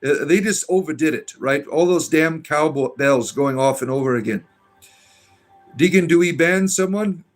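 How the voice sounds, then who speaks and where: A man's voice: a little high, normal speed, soft background music. Sarcastic Southern man reading chat. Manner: rambling, hesitant, with frequent uh and restarts; sarcastic and defiant when answering comments. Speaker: livestream host reading chat. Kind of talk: casual livestream chat.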